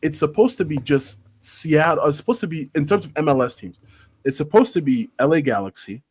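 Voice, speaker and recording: A man's voice: fairly high pitch, animated, fairly quick, husky, no echo. A man giving blunt, laughing opinions as a panelist in a casual football chat.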